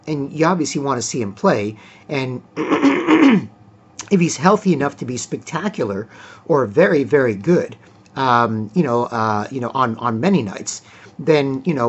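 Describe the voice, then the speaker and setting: A man giving casual solo sports commentary, rambling with frequent fillers and clearing his throat often. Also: medium pitch, animated, moderate pace, muffled recording.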